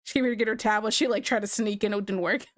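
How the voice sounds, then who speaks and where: A woman's voice: mid-range voice, fast talker, no room sound, studio quality. A woman livestreaming and chatting casually with her viewers, talking in a scattered way and laughing often.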